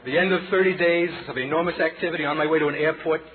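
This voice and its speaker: A man with a Brooklyn accent preaching a sermon, telling a story dramatically and dropping from loud to hushed as he addresses the congregation as children. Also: a little high, fairly even intonation, quick pace, background noise. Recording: tinny phone-like sound with audience.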